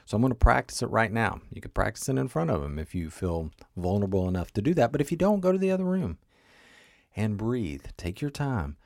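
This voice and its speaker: A man's voice: on the low side, sing-song, fairly quick, gravelly, mellow, dry recording, clean studio sound. A man giving an earnest coaching lesson, repeating key points and asking the listener questions. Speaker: teacher. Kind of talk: coaching talk on emotional regulation.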